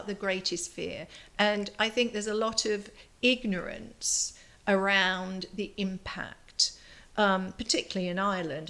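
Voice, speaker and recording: A woman's voice: mid-range voice, vocal fry, fairly bright tone. An older English woman, a guest artist, telling chatty self-deprecating stories in a casual interview. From England. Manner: chatty storyteller, self-deprecating, laughing asides.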